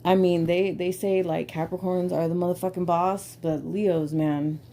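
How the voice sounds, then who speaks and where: A woman's voice: lowish voice, fairly even intonation, normal speed, warm tone. A woman hosting a podcast, talking candidly and casually with lots of swearing and filler words. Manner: candid, profane, filler-heavy. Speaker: podcast host. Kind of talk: casual chat.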